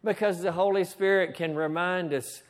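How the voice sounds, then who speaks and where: Preaching in a church, the pastor has a high-pitched voice with fairly even intonation and a moderate pace. He often pauses to ask "Amen?" and to tell the slide operator what to put up.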